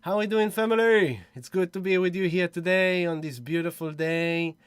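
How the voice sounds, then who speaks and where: A man's voice: high-pitched, steady tone, normal speed, smooth, dry recording. A man hosting a casual livestream, effusive and whooping as he greets viewers one by one. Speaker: livestream host.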